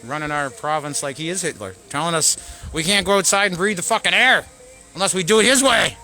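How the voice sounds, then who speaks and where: A man, hosting his own show and ranting angrily to camera, profane, swinging between shouting and muttering. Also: fairly high pitch, brisk, faint music behind. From Canada. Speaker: show host. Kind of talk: angry political rant to camera.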